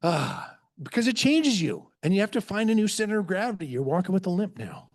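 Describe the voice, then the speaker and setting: A man's voice: high-pitched, big pitch swings, brisk, dry recording, studio quality. A middle-aged man preaching a sermon in an earnest, conversational way, telling stories about himself. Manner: earnest, conversational, self-deprecating storytelling. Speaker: pastor.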